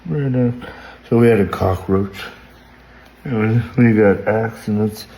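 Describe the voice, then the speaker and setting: Brief: low-voiced man, sleepless, rambling between mutters and bursts, phone video in a roomy space. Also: slow, vocal fry. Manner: rambling, drifting between low mutters and sudden loud outbursts. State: sleepless, up all night. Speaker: social media personality. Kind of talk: rambling late-night selfie video. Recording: roomy echoey room, faint ambience.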